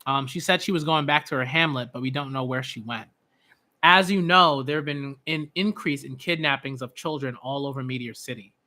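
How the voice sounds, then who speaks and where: A man's voice: medium pitch, brisk, bright, forceful tone, natural voice. A man reading as an earnest young leader boy.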